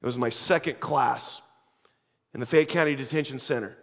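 A man preaching and telling stories, who swings from hushed, slow lines to fervent ones. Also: medium pitch. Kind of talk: sermon with storytelling. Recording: long reverb of a large hall.

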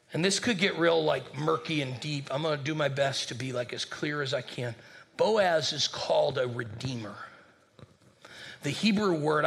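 A man who is a senior pastor, preaching a lively sermon and calling on his congregation to respond. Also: fairly high pitch, gravelly. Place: church sanctuary with congregation.

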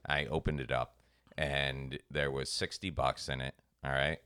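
A man with a low voice and a crisp, smooth, bright tone tells rambling stories on a casual podcast. He slips into the voices of the people in his anecdotes as he goes. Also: unhurried. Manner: animated storyteller, acts out voices in anecdotes. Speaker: podcast co-host. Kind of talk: casual chat, storytelling.

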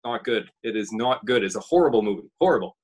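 Guy, bit husky, hamming it up about tv shows. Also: fairly low pitch, quick pace. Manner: animated, playfully dramatic. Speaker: show panelist reviewing TV. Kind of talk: casual chat.

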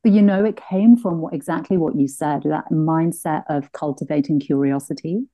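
A middle-aged woman with a low, deeply mellow voice, hosting a conversation. She tells stories with animation, laughing often and acting out quotes. The sound is close and dry. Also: normal speed, no room sound, rough recording. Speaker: podcast host. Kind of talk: conversational interview.

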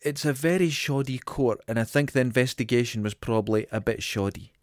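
A man's voice: mid-range voice, brisk, no echo, studio quality. A man co-hosting a film podcast, chiming in with enthusiastic comments. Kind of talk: casual chat. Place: home studio in Dundee.

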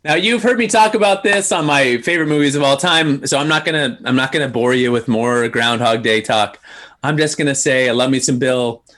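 A man hosting a podcast, telling stories in an animated, laughing way with lots of restarts. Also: medium pitch, brisk. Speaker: podcast host. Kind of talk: casual storytelling chat.

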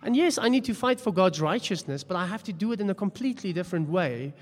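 A man's voice: high-pitched, expressive, fast talker. A man preaching a sermon, telling a story in a chatty, self-deprecating way. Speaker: pastor. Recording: long hall reverb.

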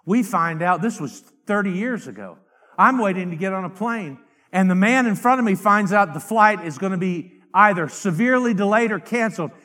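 A middle-aged man, preaching a fiery revival sermon that swings from shouted outbursts to low confiding asides. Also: animated, moderate pace. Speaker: evangelist.

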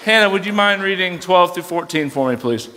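A man's voice: high-pitched, animated, a little fast, pushed and bright, in a large hall, a little hiss or hum. A young man preaching a sermon as youth pastor, casual and conversational, with fillers and self-corrections. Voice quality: dyslexic, struggles reading aloud.

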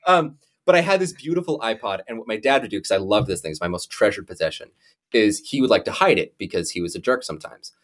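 A man in casual podcast chat, animated, telling a personal story and laughing often. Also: on the low side, quick pace.

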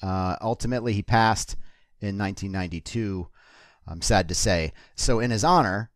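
Man, deep voice, slow dry comedy host, close dry mic. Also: dry recording. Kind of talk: comedic podcast banter.

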